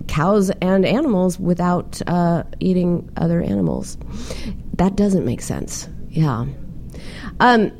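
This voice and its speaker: A middle-aged woman hosting a casual interview, chatty and animated as she tells stories. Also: fairly low pitch, slight background noise. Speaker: show host.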